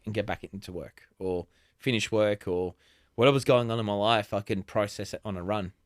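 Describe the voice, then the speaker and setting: A chatty Australian man in his forties appears as a podcast guest, speaking a little fast in a lowish voice on a dry, studio-quality recording. His casual conversation is full of laughter and restarted sentences.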